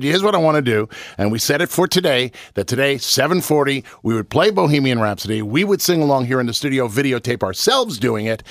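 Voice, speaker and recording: Man, radio host, lively pitch swings, gravelly, dry studio sound. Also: dry recording. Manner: excitable, repeats words, animated. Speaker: radio morning show host. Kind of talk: radio show talk.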